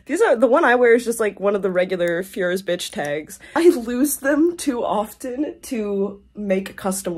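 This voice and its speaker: A woman's voice: mid-range voice, darkish tone, breathy edge, poor audio. Chatty self-mocking young woman vlogger. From Canada. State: rough throat. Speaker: musician vlogger. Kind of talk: casual vlog chat.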